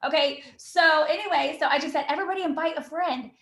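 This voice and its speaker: A woman giving an enthusiastic motivational talk on a team call, bubbly and quick, full of "you know" and "literally". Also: high-pitched, gravelly, fairly bright tone, roomy sound. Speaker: team call guest speaker.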